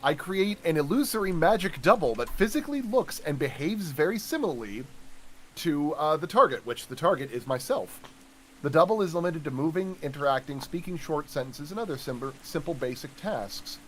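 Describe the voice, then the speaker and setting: A man playing a tabletop game, describing his moves and reading out spell rules in a halting way. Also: fairly high pitch, animated, a little hiss or hum. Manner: halting, many fillers. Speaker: tabletop player.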